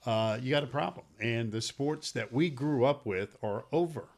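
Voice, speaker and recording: A man in his fifties co-hosting a sports talk show. He speaks at a medium pitch and drives home blunt opinions with emphasis. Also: normal speed. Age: 50s. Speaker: sports radio co-host.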